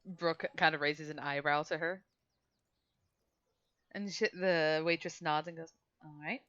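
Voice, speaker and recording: A woman game master narrates a tabletop game in a loose, chatty way. Her voice is bright and sits a little low. The audio is dull and lo-fi. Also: steady tone, unhurried. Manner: casual, chatty narration with fillers.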